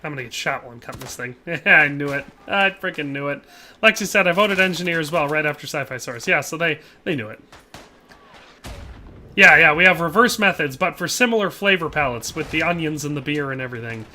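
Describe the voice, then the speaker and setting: A man's voice: a little high, sharp tone, a little hiss or hum. A young man streaming a shooter game, chatting casually, reading chat aloud and laughing often. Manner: chatty, laughs often, trails off mid-sentence. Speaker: livestreamer. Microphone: headset.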